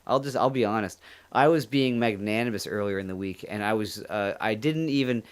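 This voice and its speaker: Male stream host, low voice, rambling joker, casual chat. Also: fairly quick, clean tone. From Canada. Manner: joking, rambling, laughs often. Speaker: livestream host.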